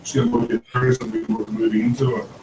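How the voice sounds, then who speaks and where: Man, halting chatty delivery, roomy distant sound with faint hiss. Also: mid-range voice, flat delivery. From Australia. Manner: hesitant, many fillers. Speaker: panel guest. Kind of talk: casual live-stream chat.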